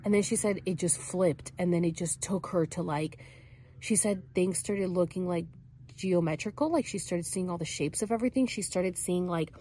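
Sharing something personal on her podcast, a young host keeps things chatty, peppering her speech with "like" and performing the quoted lines. She has a fairly low, dark-toned voice at a normal pace, and a little hiss or hum is audible.

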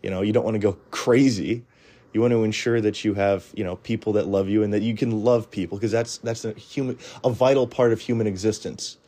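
A man's voice: on the low side, fairly even intonation, a little fast, mellow. A man giving a blunt, rambling monologue of advice, full of restarts and fillers. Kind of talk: casual opinionated monologue.

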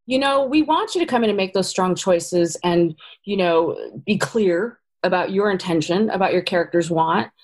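A woman's voice: fairly low pitch, moderate pace, hardly any pauses. A middle-aged woman, a casting director, chatting in an interview and acting out quoted lines as she tells stories. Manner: animated storyteller, acts out quotes. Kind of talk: casual interview chat.

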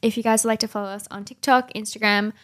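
A woman's voice: medium pitch, steady tone, a bit bright. A woman co-hosting a podcast in casual chat, laughing often. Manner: chatty, laughing, quick asides. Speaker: podcast co-host.

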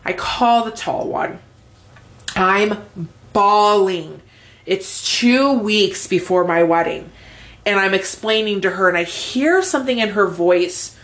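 A woman's voice: medium pitch, takes it slowly, a bit bright. Young woman, podcast co-host, candid storyteller who swears freely and says "like" a lot; casual chat.

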